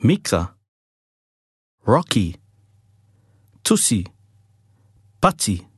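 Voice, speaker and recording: A man reads a children's picture book aloud at a slow, careful pace. His husky voice rises and falls a lot as he tells the story. The recording is dry and close. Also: fairly low pitch, no echo, faint music behind. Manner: slow, lively read-aloud with big jumps for dialogue. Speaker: storybook reader.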